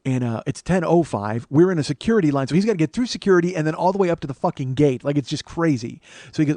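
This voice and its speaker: A man's voice: on the high side, expressive, fast, dark tone, dry recording. A man hosting a comedy podcast, telling a rambling, profane story with sarcastic asides. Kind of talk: casual storytelling monologue.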